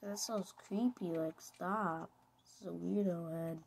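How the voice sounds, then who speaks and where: A woman's voice: lowish voice, fairly even intonation, a little slow, gravelly, darkish tone, husky. A woman giving playful, rambling commentary over her gameplay, giggling often. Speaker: gaming video creator.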